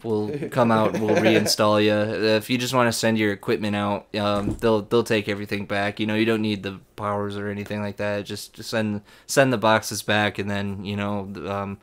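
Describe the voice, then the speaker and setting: A man voicing a nonchalant young male phone support worker who answers in a low, flat, quiet tone. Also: normal speed, hardly any pauses, clear, resonant tone, lightly acted.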